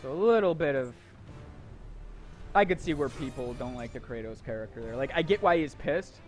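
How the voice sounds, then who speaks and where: A man's voice: mid-range voice, animated, brisk, faint music behind. A young man giving casual let's play commentary, sarcastic and irreverent, swearing freely. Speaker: gameplay commentator.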